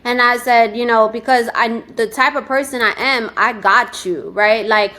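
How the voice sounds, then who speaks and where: A woman's voice: a little high, normal speed. A woman from New York with a New York accent, chatting animatedly as a real estate agent guest on an interview show. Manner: animated, chatty, many fillers. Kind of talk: casual interview chat.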